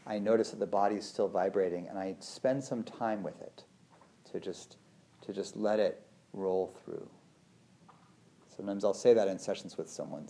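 A man, a meditation teacher, giving a conversational talk on feelings and the body, who often acts out his inner voice with sudden lively jumps. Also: on the low side. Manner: conversational, many fillers and restarts. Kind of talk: reflective talk on feelings and the nervous system.

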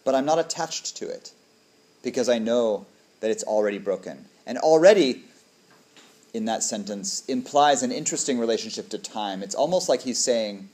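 A man's voice: mid-range voice, expressive, moderate pace, darkish tone. A man, a dharma teacher, giving a reflective, conversational talk to a group and often asking "right?".

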